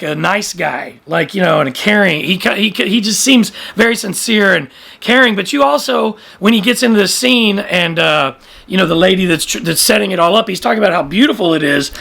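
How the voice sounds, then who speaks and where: A woman's voice: medium pitch, creaky, fairly bright tone. A woman co-hosting a casual podcast, rambling through a TV recap with many fillers and restarts. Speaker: podcast co-host.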